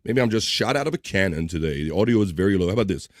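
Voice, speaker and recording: A man's voice: deep voice, lively intonation, very fast, no echo. Chatty male streamer, dry close mic. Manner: chatty, reads viewer comments aloud with running banter. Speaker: livestream host reading chat. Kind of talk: casual live-stream chat. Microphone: studio microphone.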